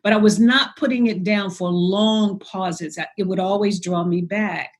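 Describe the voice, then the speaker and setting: A woman's voice: mid-range voice, steady tone, measured pace. A woman poet as an interview guest, talking reflectively and telling stories about her writing, acting out her inner voice as she goes. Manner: storytelling, acts out her inner voice in quotes.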